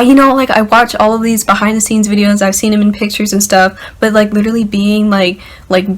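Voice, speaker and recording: A young woman vlogger telling a story to the camera in an excited, chatty way, packed with "like" and "literally". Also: medium pitch. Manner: excited, filler-heavy, lots of "like" and "literally".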